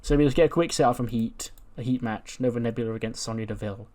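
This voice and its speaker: A man's voice: medium pitch, fast, dark tone. Chatty man narrating a game. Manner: chatty, laughs often. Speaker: gaming video creator. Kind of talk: casual let's-play narration.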